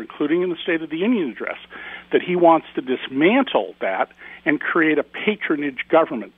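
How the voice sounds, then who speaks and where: A man's voice: fairly high pitch, slightly rough, dry recording. A man, a guest author giving emphatic, indignant commentary in a radio interview over a phone line.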